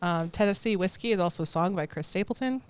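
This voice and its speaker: A woman's voice: lowish voice, expressive, fast, smooth. A young American woman co-hosting a podcast, chatting casually and laughing often. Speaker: podcast co-host. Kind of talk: casual chat.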